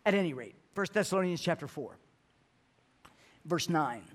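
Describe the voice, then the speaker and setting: Middle-aged male pastor, slightly high voice, earnest sermon delivery with repeated words. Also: expressive, normal speed. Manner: earnest, repeats words when building to a point.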